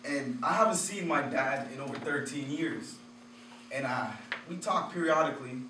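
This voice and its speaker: A man's voice: on the high side, moderate pace, sharp tone. A man giving a motivational talk, telling candid personal stories and chuckling at his own stories. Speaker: motivational speaker. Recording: roomy echo, distant from the mic, faint noise.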